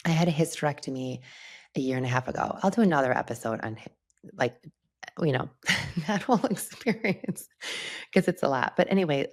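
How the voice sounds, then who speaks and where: A woman's voice: deep voice, animated, a little fast, pauses often. A middle-aged woman hosting a solo podcast, talking candidly and chattily, often laughing as she goes. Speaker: podcast host. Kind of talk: casual solo podcast talk.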